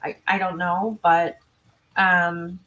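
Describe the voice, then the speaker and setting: A woman hosting a true crime livestream, chatty and self-interrupting, reading viewer comments and adding quick asides. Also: lowish voice, flat delivery, a bit bright. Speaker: true crime channel host. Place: home.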